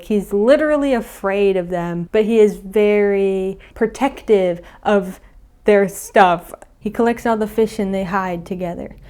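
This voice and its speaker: A woman's voice: mid-range voice, darkish tone. A young woman casually retelling a cartoon plot in a rambling way full of fillers, chuckling now and then. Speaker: video creator.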